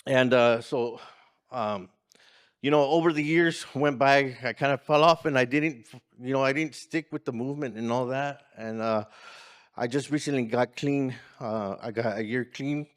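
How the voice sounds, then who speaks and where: A community organizer from California tells an earnest personal story at a community gathering in a conference room, acting out the lines of the people in it. His mid-range voice is smooth and moves at a moderate pace.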